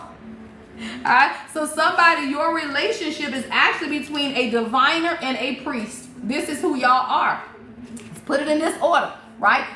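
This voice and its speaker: A woman's voice: sits high, pushed and bright, echoey room. A woman giving a livestreamed tarot reading, blunt and profane, speaking emphatically and calling out to her listeners again and again. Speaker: spiritual reader.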